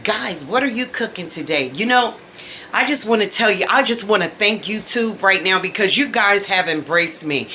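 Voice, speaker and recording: A woman's voice: mid-range voice, expressive, bright, forceful tone, slight background noise. A woman hosting her own cooking channel, chatting casually as she walks through a recipe in her home kitchen, often checking in with "right?" and "okay?" and laughing easily. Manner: talks fast at times, laughs easily.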